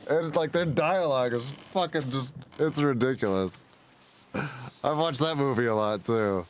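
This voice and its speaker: A man's voice: medium pitch, unhurried, a little hiss or hum. A man chatting casually while playing a game, rambling and swearing freely. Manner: rambling, profane, laughs at his own stories. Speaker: gaming streamer. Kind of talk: casual gameplay commentary.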